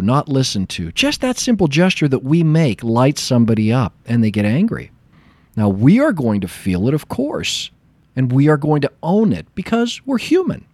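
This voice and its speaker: Animated male therapist, dry close sound. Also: mid-range voice, no room sound. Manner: animated storytelling, acts out dialogue. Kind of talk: explanatory talk with personal anecdote.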